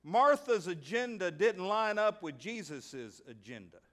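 A middle-aged male pastor preaching a sermon, animated, often asking the congregation questions and acting out the people in his story. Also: high-pitched, unhurried. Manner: animated, acts out voices and asks the congregation questions.

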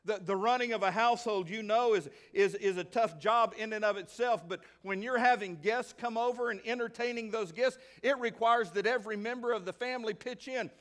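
A middle-aged male pastor preaching a sermon, animated, often asking the congregation questions and acting out the people in his story. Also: high voice, a little fast, few pauses. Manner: animated, acts out voices and asks the congregation questions.

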